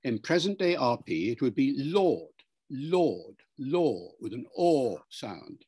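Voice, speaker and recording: Husky older man explaining patiently. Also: mid-range voice, very animated, a little mellow. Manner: measured, lecturing, spells out words and demonstrates pronunciations. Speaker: linguist being interviewed. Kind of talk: explanatory interview answer.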